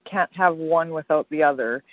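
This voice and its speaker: Low-voiced chatty woman, dull dry sound. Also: normal speed, no room sound. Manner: chatty, reflective, laughs often, tag questions. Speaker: podcast co-host, author. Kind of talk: casual conversation.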